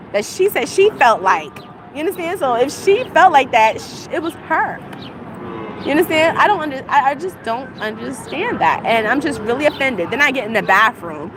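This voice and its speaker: Upset woman venting with a dry cough. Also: high voice. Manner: upset, repetitive rhetorical questions. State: dry cough, clearing throat. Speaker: vlogger. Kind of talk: venting vlog monologue. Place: outdoors on a city street, heading to a train. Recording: street noise behind.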